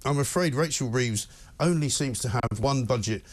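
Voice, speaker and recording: A man's voice: mid-range voice, moderate pace. A man hosting a talk show, speaking in an emphatic, sardonic way. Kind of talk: opinionated studio chat.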